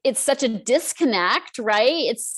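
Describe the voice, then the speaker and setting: Animated, high-voiced woman guest. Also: measured pace. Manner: chatty and animated, acts out her own inner voice. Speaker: guest, emotional eating expert. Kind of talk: podcast interview.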